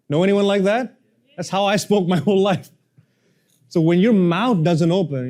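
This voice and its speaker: A man's voice: a little high, moderate pace. A man coaching a workshop audience on how to speak, acting out the people he quotes. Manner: animated, acts out quoted people. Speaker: communication coach. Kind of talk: workshop lesson.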